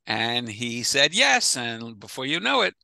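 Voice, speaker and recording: A man's voice: medium pitch, lively intonation, measured pace, creaky, sharp tone, no room sound. A man, a rabbi, teaching an adult class over a video call in a chatty, digressive way. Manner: chatty, digressive, laughs easily. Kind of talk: casual adult-education lecture.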